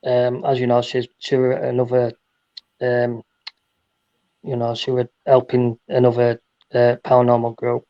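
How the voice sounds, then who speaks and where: A man's voice: medium pitch, monotone, unhurried, long pauses, highs cut off. A man telling rambling jokes and stories in a casual chat, often restarting his sentences. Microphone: phone.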